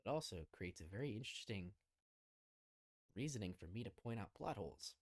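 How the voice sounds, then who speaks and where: A man's voice: fairly low pitch, big pitch swings, fairly quick, no room sound, clean studio sound. A man co-hosting a podcast, chatting casually about a movie and retelling its scenes, often slipping into the characters' lines. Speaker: podcast co-host. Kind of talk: casual film discussion.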